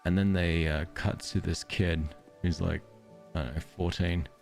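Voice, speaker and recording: A man's voice: sits low, fairly even intonation, normal speed, vocal fry, faint music behind. An Australian man streaming a game, chatting casually and drifting off into rambling stories. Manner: rambling, tangent-prone storytelling. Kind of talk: casual gameplay commentary.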